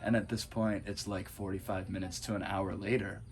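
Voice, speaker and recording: A man's voice: deep voice, moderate pace. Laughing man telling a road story. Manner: animated, laughing often. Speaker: support driver for a cross-country bike ride. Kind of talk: casual storytelling.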